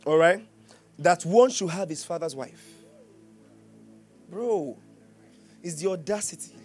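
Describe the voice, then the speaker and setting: A man's voice: high voice, animated, slow pace, a little mellow, breathy edge, soft background music. A man with a Nigerian accent preaching a sermon as pastor, joking and laughing often and asking the congregation questions.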